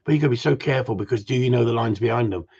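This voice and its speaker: A man's voice: mid-range voice, racing, a little mellow, breathy edge, muffled recording. A man, a gundog trainer chatting casually on a livestream, blunt and opinionated and given to repeating himself.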